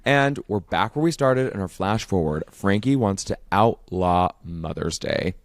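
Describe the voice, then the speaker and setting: Low-voiced man recapping on a podcast. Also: lively intonation, measured pace, dry recording, clean studio sound. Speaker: podcast co-host. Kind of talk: casual chat, recapping an episode.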